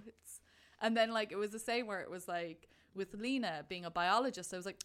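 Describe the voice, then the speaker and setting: A young woman in casual conversation about a film, chatty and animated, acting out her own thoughts in quotes. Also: medium pitch, a little fast, clear, resonant tone.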